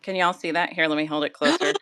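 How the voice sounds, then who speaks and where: A middle-aged woman with a mild Southern accent chats on a craft livestream. She is self-deprecating and laughs often. Her voice is bright and forceful, and the recording is dry and close. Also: on the low side, very animated, quick pace, clean tone, dry recording. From Georgia, US. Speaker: guest crafter. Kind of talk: casual livestream chat.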